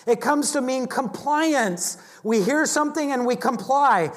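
A man's voice: very high voice, a little slow. A man teaching a Bible lesson in a chatty, joking sermon style, often restarting his sentences. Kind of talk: conversational sermon.

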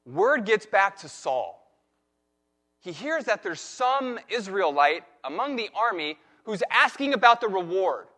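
A man preaching a sermon, retelling a Bible story in a lively way and acting out the characters' lines. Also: high-pitched, measured pace. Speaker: pastor.

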